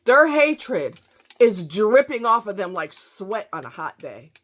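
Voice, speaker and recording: A woman's voice: medium pitch, big pitch swings, slow, a bit bright. Furious, profane woman ranting. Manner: profane, heated, emphatic. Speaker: vlogger. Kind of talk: angry rant to camera.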